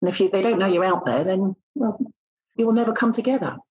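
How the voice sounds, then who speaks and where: A woman's voice: mid-range voice, fast talker, muffled recording. A woman, a recruitment consultant talking bluntly and emphatically in a casual interview. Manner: blunt, emphatic, acts out exchanges.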